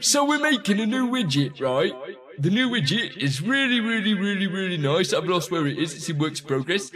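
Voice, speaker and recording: A man's voice: sits high, lively intonation, fairly quick, a crowd in the background. A man chatting casually on a live stream and teaching streaming, rambling with many restarts.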